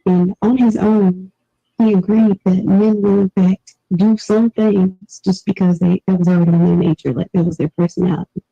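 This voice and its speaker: A woman's voice: mid-range voice, steady tone, normal speed, vocal fry, dark tone, breathy edge, dry recording. A woman calling in to a show, speaking casually and a little hesitantly. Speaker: caller. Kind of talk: casual phone call-in chat. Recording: dull dry phone line.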